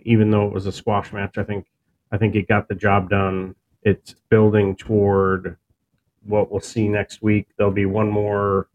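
Low steady guy rambling on a podcast, dull lo-fi sound, faint hiss. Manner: relaxed and rambling, many fillers and restarts. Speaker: podcast co-host. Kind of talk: casual wrestling podcast chat.

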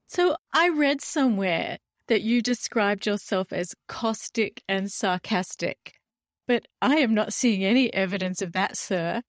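A woman's voice: mid-range voice, animated, unhurried, no room sound, studio quality. A woman hosting a podcast interview who asks playful, teasing questions. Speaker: podcast host.

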